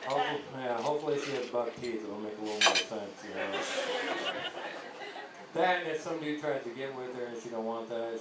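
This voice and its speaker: A man's voice: mid-range voice, fairly quick, recorded from a distance, very noisy. A young man doing a crude, rambling stand-up set on a comedy club stage, slipping into voices to act out his jokes. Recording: echoey club heard from afar.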